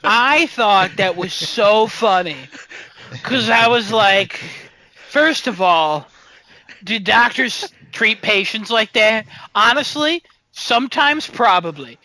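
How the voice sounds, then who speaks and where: High, bright-voiced man, excitable and profane. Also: slow pace, dry recording, rough recording. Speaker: podcast co-host. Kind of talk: casual chat.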